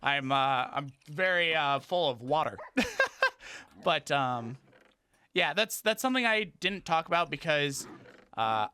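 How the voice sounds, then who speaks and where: Bright-voiced male gaming streamer. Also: lively intonation, clear, resonant tone. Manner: rambling, halting talk with many restarts; breaks into high startled yelps at the game. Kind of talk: casual livestream gaming chat.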